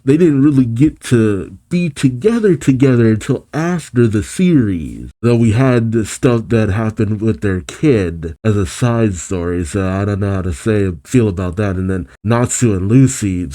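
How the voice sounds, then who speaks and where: A young man reads a manga chapter aloud and reacts to it, his low, mellow voice swinging widely in pitch. He keeps dropping into quick put-on voices for each character, and he laughs often.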